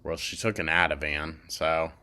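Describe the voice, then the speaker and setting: A man's voice: a bass voice, moderate pace, background noise. A man hosting a reaction commentary, blunt and sarcastic, cutting in with exasperated remarks. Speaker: commentary host.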